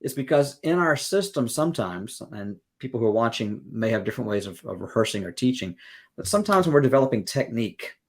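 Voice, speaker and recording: He's a guest music educator from the American South, very animated and quick-paced in a medium-pitched voice. In this podcast interview he explains earnestly through everyday analogies, acting out quoted exchanges.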